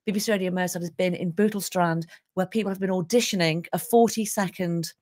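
A woman's voice: on the low side, steady tone, quick pace, a little mellow. A woman, a radio presenter chatting casually and upbeat about her station's events. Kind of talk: casual chat.

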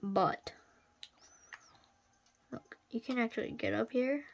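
A woman's voice: on the high side, takes it slowly, gravelly, a little hiss or hum. A woman giving casual, playful commentary while playing a video game, often crying out at what happens. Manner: playful, exclaims and cries out at the game.

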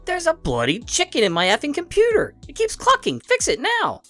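A man voicing an angry elderly hoarder who shouts in a shrill, indignant voice. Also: huge pitch swings, brisk, faint music behind. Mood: furious.

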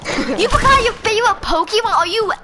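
A woman chatting with friends while playing an online game, teasing and excitable. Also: extremely high pitch, fairly quick, a loud crowd. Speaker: player. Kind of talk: casual game chat. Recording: noisy game audio behind.

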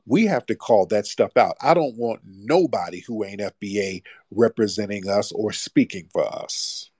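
A man's voice: fairly low pitch, normal speed, a little mellow, slightly rough, no echo, clean studio sound. A man hosting a late-night call-in show, talking bluntly in casual slang. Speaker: host. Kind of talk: live call-in radio show.

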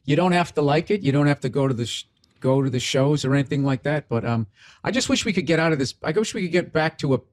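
A man's voice: on the high side, expressive, fast, no room sound, studio quality. A middle-aged man with a Boston accent, hosting a comedy podcast in a blunt, profane, rambling rant.

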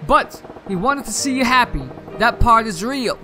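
A man voicing a blunt, cocky gangster in a video game, dropping his voice low with a drawl. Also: animated, moderate pace, over music. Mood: lecturing.

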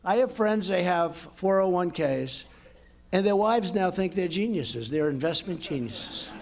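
A man's voice: sits high, lively intonation, a little slow, gravelly. An older man giving a boastful, off-the-cuff speech at a podium, full of repetitions and asides. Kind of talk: rally-style speech. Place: event venue with live audience. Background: faint crowd.

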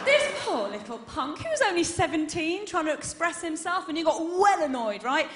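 A woman performing a stand-up comedy set, telling animated stories and punching up the jokes. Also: extremely high pitch, normal speed. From England. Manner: animated storytelling, loud bursts for punchlines. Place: comedy venue stage. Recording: roomy live venue sound.

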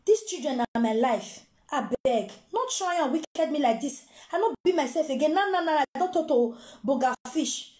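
A woman acting out a desperate mother who begs her old friend through tears in a Nigerian Pidgin accent. The pleading voice is high, and it is heard in a roomy echo as part of a spoken story. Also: animated, moderate pace, few pauses, warm tone. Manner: pleading, tearful.

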